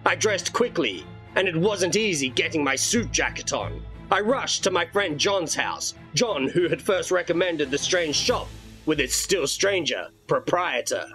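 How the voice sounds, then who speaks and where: A man's voice: fairly high pitch, lively intonation, measured pace, a bit bright, faint music behind, poor audio. A man reading a horror storybook aloud in dramatic first-person narration.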